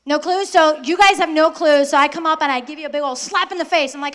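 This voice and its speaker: A young adult woman speaking to high school students in a lively faith talk, asking them questions and acting out quoted voices. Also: fairly quick.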